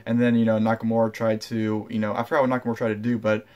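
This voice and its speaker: A man's voice: lowish voice, completely flat delivery, rapid-fire, a little mellow, dull audio. A man giving a casual, rambling review of a wrestling show, blunt and dismissive, with lots of fillers.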